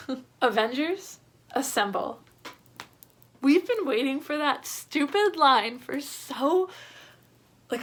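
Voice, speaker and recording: A woman giving a casual spoiler film review, gushing and excitable, with lots of fillers. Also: high-pitched.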